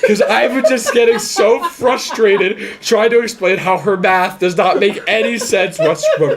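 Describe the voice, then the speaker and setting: A man's voice: sits high, measured pace, few pauses, crowd noise. A young man, a guest on a casual podcast, retelling something with exasperation and laughter.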